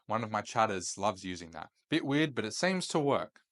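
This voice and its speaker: A man's voice: fairly low pitch, animated, moderate pace, a bit bright. Chatty young man coaching to camera. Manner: loose and chatty, checks in with "right?" after points. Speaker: host and chat-sales coach. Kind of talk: casual instructional talk to camera.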